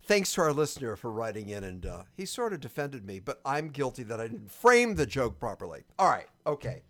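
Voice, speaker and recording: A man's voice: medium pitch, sing-song, fairly quick, a bit bright. A man co-hosting a podcast in casual chat, playful and chatty, often answering with repeated yeahs. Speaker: podcast co-host.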